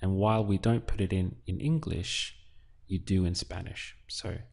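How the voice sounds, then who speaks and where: A man teaching a language lesson, slow and patient, quizzing the listener with prompts. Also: sits low, steady tone, vocal fry, darkish tone. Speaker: Spanish teacher.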